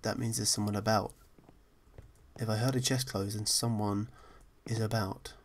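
A man's voice: lowish voice, flat delivery, normal speed. A man giving casual, rambling commentary over his own gameplay, chatty, apologetic and self-deprecating. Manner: frequently apologetic. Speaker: gaming channel host.

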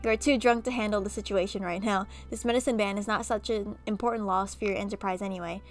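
A woman reading an interactive horror story game aloud and breaking off for animated, chatty reactions. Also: mid-range voice, quick pace, soft background music. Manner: animated, chatty asides between narration. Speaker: gaming video creator.

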